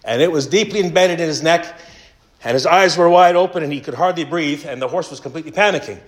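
A man's voice: fairly high pitch, fast. A Canadian man telling a funny story in a casual sermon, with self-mocking humor. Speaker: preacher.

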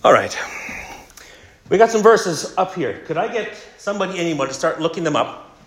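A man's voice: fairly high pitch, sing-song, moderate pace. A Canadian man telling a funny story in a casual sermon, with self-mocking humor. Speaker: preacher.

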